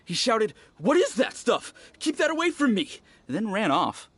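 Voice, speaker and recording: Game villager, young man, talkative and lively. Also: fairly high pitch, moderate pace. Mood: chatty. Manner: chatty, animated storytelling. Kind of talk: video game voice acting.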